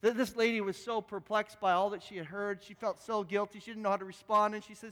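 A male pastor delivers a sermon in a fairly high voice, telling a story with frequent restarts and repeated words. His speech echoes with the long reverb of a church hall. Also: brisk, few pauses, pushed and bright. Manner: storytelling, repeats words as he talks, self-deprecating.

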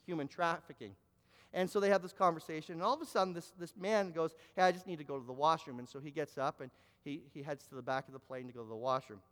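A man's voice: high voice, fairly bright tone, in a large hall. A man preaching a sermon, telling a story with many repeated words and restarts, then rising to emphatic exhortation.

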